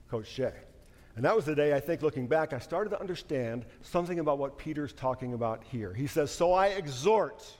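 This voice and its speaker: Pastor man preaching in a reverberant hall. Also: medium pitch. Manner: conversational, anecdotal, animated in stories. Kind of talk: sermon with storytelling.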